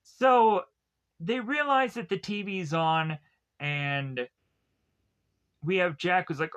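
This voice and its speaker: Man, fairly high voice, bright tone, casual rambling episode recap, lots of fillers. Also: slow, long pauses, clear, resonant tone, muffled recording. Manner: rambling, many fillers, quotes characters in passing.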